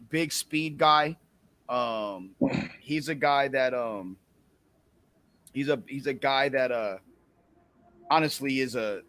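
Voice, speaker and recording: A man's voice: mid-range voice, fairly bright tone. A man hosting a casual sports talk show, telling rambling stories with many restarts and ums. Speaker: host.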